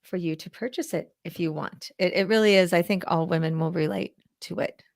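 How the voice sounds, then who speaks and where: A woman's voice: lowish voice, fairly quick, creaky, darkish tone. A woman co-hosting a casual talk show, encouraging and thoughtful, often drawing out her phrases. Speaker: podcast co-host. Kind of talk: casual chat.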